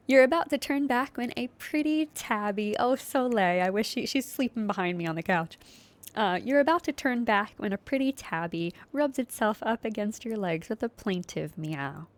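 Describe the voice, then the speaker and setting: A woman's voice: mid-range voice, animated, moderate pace. Young woman streamer, Philly accent, chatty, giggly, reads game text aloud. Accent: Philadelphia. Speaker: streamer playing a story game. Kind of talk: casual game playthrough narration.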